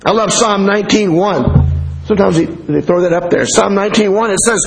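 An American man preaching a sermon, animated and humorous, telling stories with frequent chuckles. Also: high-pitched, fairly quick, vocal fry, soft background music, rough recording.

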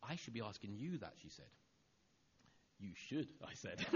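A middle-aged man preaching a sermon, telling a personal story and acting out the dialogue, going soft and low on the tender lines. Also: sing-song, very slow, pauses often, highs cut off, a little hiss or hum.

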